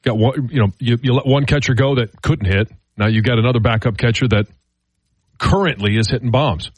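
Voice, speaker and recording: A man's voice: mid-range voice, a little fast, slightly rough, no room sound. A man co-hosting a sports radio show, explaining his points thoughtfully and repeating words as he works through them. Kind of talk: casual sports talk.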